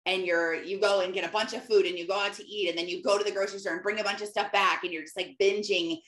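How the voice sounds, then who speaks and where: A woman's voice: medium pitch, steady tone, quick pace, a bit bright. A woman Christian life coach giving an emphatic, conversational motivational talk, often repeating phrases. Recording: roomy echo.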